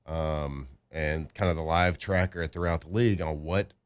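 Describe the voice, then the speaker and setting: A deep-voiced man co-hosting sports talk radio in a loose, joking way. He talks things through casually and sometimes acts out what a player might be thinking. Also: fairly even intonation, normal speed, clean tone. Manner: laid-back, joking, acts out players' thoughts.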